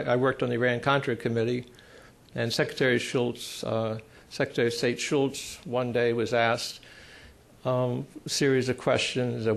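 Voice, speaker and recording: Gravelly-voiced man giving a panel talk. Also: mid-range voice. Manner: measured, explanatory, with frequent pauses. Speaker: panel speaker on constitutional law.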